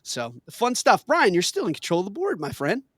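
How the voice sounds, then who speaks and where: A man's voice: sits high, huge pitch swings, a little fast, fairly bright tone, breathy edge, dry recording, clean studio sound. A man hosting a casual trivia game, reading questions with playful emphasis and laughing often. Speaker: quiz host.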